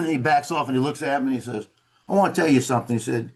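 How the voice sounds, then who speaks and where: A man talks over a video call. He tells a story in a relaxed, conversational way. He slips into the voices of the officers he quotes. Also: medium pitch, fast, a little hiss or hum. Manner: animated, acts out quoted officers. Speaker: former Marine telling a story.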